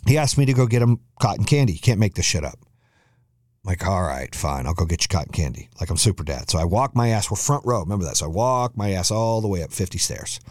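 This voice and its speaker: A fast, low-pitched man spins a rambling family story with casual swearing, jumping into the voices of everyone involved. His delivery is animated and his recording is dry and close, with no room sound. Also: no room sound. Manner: animated, profane, quotes himself and others. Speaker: podcast host.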